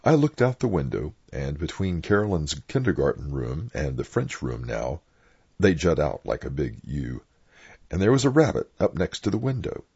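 A man's voice: a bass voice, big pitch swings, moderate pace, vocal fry, a little mellow, husky. An older man, a former church leader, recalling parish life in a blunt, opinionated storytelling manner for an oral history. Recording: dull lo-fi recording.

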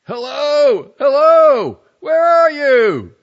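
A man doing a loud, petulant old husband. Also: on the low side, very animated, brisk, vocal fry, breathy edge, muffled recording, full character voice. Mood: calling loudly. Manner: calls out loudly and repeatedly, insistent. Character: old hard-of-hearing husband, petulant and demanding.

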